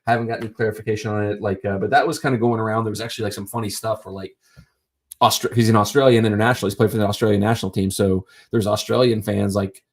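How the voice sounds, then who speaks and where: Host for a solo sports live stream: man, lowish voice, casual and rambling. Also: fairly even intonation, very fast. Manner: rambling, many fillers and restarts.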